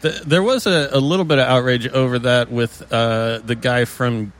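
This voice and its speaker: A man's voice: mid-range voice, moderate pace. A man in casual conversation, dry and skeptical, pushing back on his co-host. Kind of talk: casual podcast banter.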